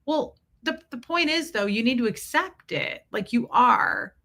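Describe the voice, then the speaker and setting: Bright-voiced woman streamer chatting. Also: fairly high pitch, lively intonation, a little slow. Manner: rambling, thanks viewers by name as she talks. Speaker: livestream host. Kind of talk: casual livestream chat.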